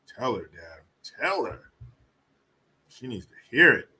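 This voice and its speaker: A man talking casually into his camera, scornful and profane as he rants. His voice is bright and forward, with a mocking edge and loose storytelling full of fillers. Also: mid-range voice, animated, normal speed, husky. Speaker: vlogger. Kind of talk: ranting video commentary.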